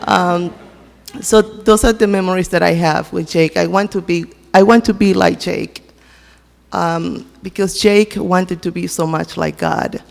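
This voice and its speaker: A woman with a gravelly, lowish voice and a steady tone gives a tribute as a church member, sharing a personal testimony at a memorial service. She speaks haltingly and from the heart, restarting often. The recording echoes through the church sanctuary.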